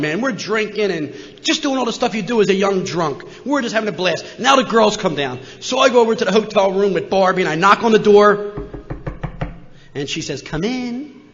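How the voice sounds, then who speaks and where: A bright, high-voiced man in his sixties from Philadelphia spins a funny personal story for a recovery meeting crowd. He is animated and jokey, jumping into other people's voices. The recording is muffled, with a long hall reverb. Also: brisk, slight background noise. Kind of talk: humorous personal storytelling to an audience.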